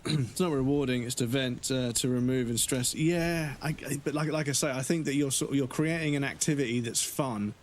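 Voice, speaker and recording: A man's voice: medium pitch, brisk, slight background noise. A man chatting frankly and rambling as he streams a game, swearing heavily. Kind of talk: casual chat while gaming on a livestream.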